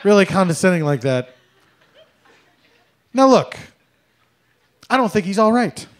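A middle-aged man performing a stand-up comedy set on a club stage, with an animated, exaggerated, mock-polite delivery. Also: sits high, a little slow.

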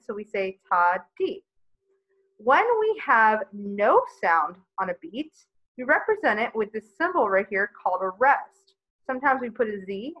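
Woman music teacher, high voice, patient explaining, lo-fi recording. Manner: friendly, explanatory, reviewing step by step. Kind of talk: children's music lesson. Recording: dull lo-fi sound.

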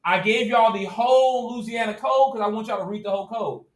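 High-voiced male teacher in an echoey classroom. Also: fairly quick. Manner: checks in with students constantly, casual and direct. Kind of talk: classroom lecture. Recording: echoey classroom, at times far from the mic.

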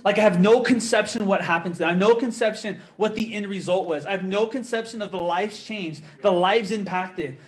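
A young man giving a testimony in a church, telling his story with lively quoted dialogue. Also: high-pitched, a little fast, hardly any pauses. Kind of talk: testimony sermon.

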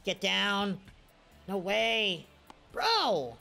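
Excitable young man with a lively voice. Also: sits high, very slow, gravelly, faint music behind. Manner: excitable, swings from mutters to shouts. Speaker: gaming video creator. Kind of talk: live gameplay commentary.

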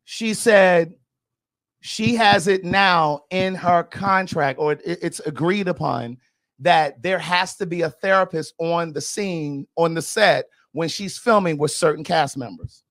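A man's voice: on the high side, measured pace, fairly bright tone. A man hosting a podcast, giving blunt, sassy, gossipy commentary in a casual chat. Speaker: podcast host.

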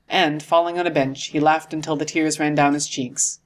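A man reading a classic adventure novel aloud in a steady storytelling manner. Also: fairly high pitch, moderate pace, few pauses. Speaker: audiobook narrator. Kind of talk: scripted narration.

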